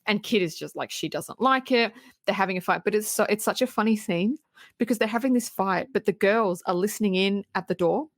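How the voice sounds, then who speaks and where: A woman co-hosting a podcast, retelling movie scenes in a lively, chatty way. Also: mid-range voice, a little fast, no echo, clean studio sound. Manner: animated retelling with laughs and acted quotes. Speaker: podcast co-host. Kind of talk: casual film recap chat.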